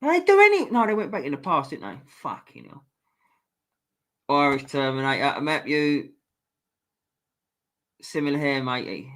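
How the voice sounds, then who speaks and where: A man's voice: fairly high pitch, very animated, normal speed, pauses often, fairly bright tone. A man hosting a casual live stream, reading viewer comments aloud and swearing freely as he chats. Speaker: livestream host reading chat.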